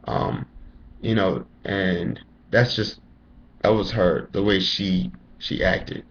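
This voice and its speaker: Young man ranting, low dull voice. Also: fairly even intonation, measured pace, slight background noise. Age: young adult. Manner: profane, rambling, lots of "you know" fillers. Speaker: college student telling his story. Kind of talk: casual storytelling rant. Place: indoors at home, dim room.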